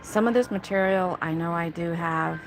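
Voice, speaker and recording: A woman's voice: fairly low pitch, moderate pace, rough recording. A woman live-streaming casually from a craft store, musing aloud as she browses, chatty and easygoing. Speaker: vlogger. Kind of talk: casual live-stream chat while shopping.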